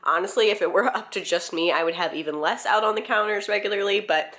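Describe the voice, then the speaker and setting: A woman's voice: mid-range voice, fast talker, a bit bright, reverberant. A woman chatting casually to the camera in a daily home vlog, a bit out of breath, rambling and laughing often. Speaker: vlogger. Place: home, indoors. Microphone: handheld vlogging camera.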